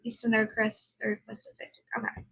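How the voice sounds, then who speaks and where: A woman's voice: on the high side, completely flat delivery, quick pace, creaky, bright, forceful tone, slightly rough, poor audio. A tired woman hosting a casual livestream, chatting and answering viewers' comments. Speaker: livestream host.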